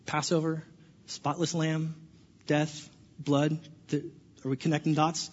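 A man preaching a sermon, animated in his storytelling and acting out the quotes. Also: fairly high pitch, unhurried. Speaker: pastor. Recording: dull lo-fi sound with long reverb.

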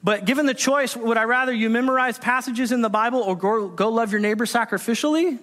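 A man preaching a sermon in an animated storytelling manner, acting out the voices of people in his anecdotes. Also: very high-pitched, fairly quick. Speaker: pastor. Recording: echoey hall reverb.

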